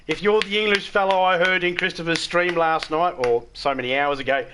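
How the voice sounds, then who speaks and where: A man's voice: on the high side, steady tone, normal speed, hardly any pauses, background noise. An Australian man chatting casually with his chat viewers during a live gaming stream, blunt and frank, swearing freely and laughing at his own jokes.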